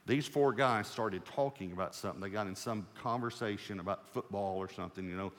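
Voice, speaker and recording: Lower-voiced pastor preaching in a reverberant hall. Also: male voice, brisk. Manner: storytelling, conversational and humorous. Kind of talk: sermon. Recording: long reverb of a large hall.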